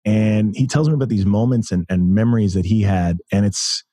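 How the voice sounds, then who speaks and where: A man in his thirties from the United States, a podcast guest telling stories in a rambling, animated way and laughing often. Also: fairly low pitch, a little fast, no room sound. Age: 30s. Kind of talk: casual interview chat.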